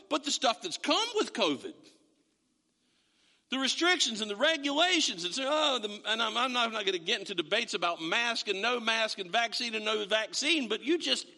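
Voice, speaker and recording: Animated pastor in a reverberant hall. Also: male voice, very high voice. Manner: conversational, animated storytelling with acted-out quotes. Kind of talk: sermon. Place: church sanctuary. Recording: long reverb of a large hall.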